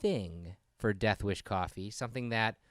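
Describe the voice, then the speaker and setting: A man hosting a podcast in casual chat, animated and rambling, laughing often. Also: fairly low pitch, measured pace, dry recording, studio quality. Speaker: podcast host.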